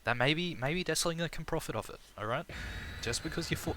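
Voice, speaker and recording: A man's voice: a little high, brisk, a bit bright. A man giving live commentary on a game tournament match, chatty, repeating his phrases and teasing the players. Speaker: tournament caster. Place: home streaming setup. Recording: noisy background hiss.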